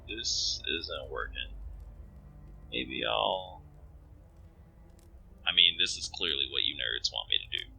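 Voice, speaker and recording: A man's voice: very deep voice, lively intonation, slow pace, creaky, long pauses, bright, forceful tone, faint music behind. A man hosting a let's play of a visual novel, commenting in a crude, joking, self-mocking way.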